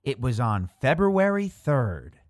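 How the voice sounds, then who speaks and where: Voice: mid-range voice, big pitch swings, takes it slowly, no room sound, studio quality. A performer voicing a boastful young king who grandly introduces the tale of how he came to the throne.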